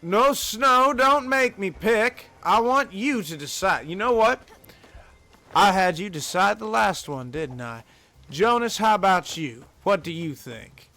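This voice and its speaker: Bright-voiced male game streamer. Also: sits high, lively intonation, a little slow, vocal fry, soft background music. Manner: chatty, self-mocking asides to chat. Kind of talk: live gameplay commentary.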